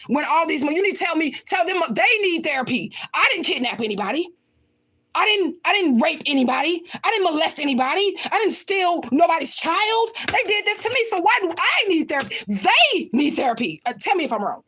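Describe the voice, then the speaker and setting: A woman's voice: very high-pitched, big pitch swings, a little fast, a bit bright. A woman livestreaming and answering viewer comments in a blunt, confrontational way, swearing often and repeating her points for emphasis. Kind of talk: casual livestream talk.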